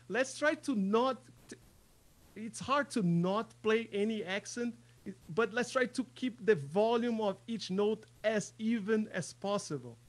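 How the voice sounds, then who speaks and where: A man teaching an online percussion workshop, chatty, repeating words as he talks, and counting in loudly over a practice track. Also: high-pitched.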